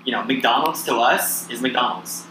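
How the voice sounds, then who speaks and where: A man's voice: mid-range voice, measured pace, background noise. Rambling American man in echoey room. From United States. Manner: relaxed, rambling, self-interrupting storyteller. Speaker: podcast guest. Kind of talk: casual chat.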